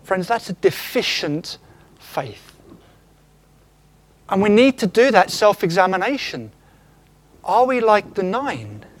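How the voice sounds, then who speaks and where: A man's voice: high voice, takes it slowly, pauses often. A man preaching a sermon, acting out quotes and asking the congregation questions. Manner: animated, acts out quotes, asks the congregation questions. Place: church.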